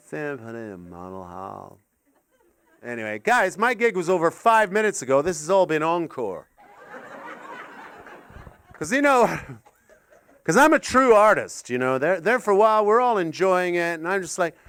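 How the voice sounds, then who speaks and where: An older man doing a stand-up comedy set, his high voice leaping up and down wildly. He rambles through absurd tangents, drops to muttered asides, then builds into sweary shouted rants. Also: clean tone. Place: live comedy gig in an art gallery.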